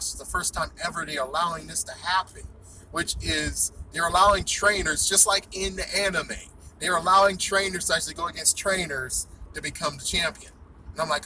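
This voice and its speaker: Excitable ranting man, a bit far off. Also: fairly high pitch, background noise. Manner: excitable, swears, laughs a lot. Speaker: vlogger. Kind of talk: casual ranting chat.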